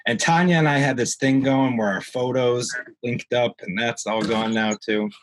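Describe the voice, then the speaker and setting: A man's voice: medium pitch, fairly even intonation, moderate pace, poor audio. A man hosting a podcast over a video call, laughing, joking and swearing freely. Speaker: podcast host.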